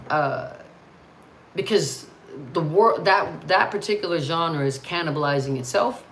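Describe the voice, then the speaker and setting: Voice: mid-range voice, unhurried, fairly bright tone, a little hiss or hum, poor audio. Blunt, profane livestream ranter. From United States. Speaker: livestream host. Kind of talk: casual livestream talk.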